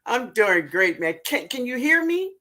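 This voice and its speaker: A woman's voice: on the high side, very animated, a little slow, pushed and bright. A woman hosting a live stream in a casual, chatty way, greeting viewers by name and laughing often.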